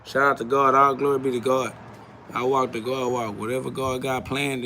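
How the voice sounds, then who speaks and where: Man, livestream host, blunt, profane, confrontational, bright forceful voice. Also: medium pitch, steady tone, moderate pace, slight background noise. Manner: blunt, confrontational, profane, swinging between loud and mumbled. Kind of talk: casual livestream rant to chat.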